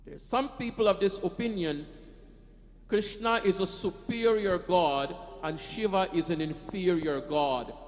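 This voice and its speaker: A man's voice: sits high, measured pace, in a large hall. A man preaching an emphatic devotional sermon, breaking into sung devotional lines. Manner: emphatic, sings devotional lines between speech. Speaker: katha preacher. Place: temple hall.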